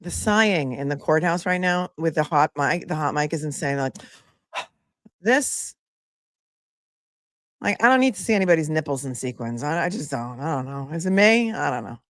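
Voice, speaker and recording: A woman's voice: low voice, animated, normal speed, dry recording, clean studio sound. A woman attorney hosting a live commentary stream, chatty and sassy, laughing often as she talks to viewers.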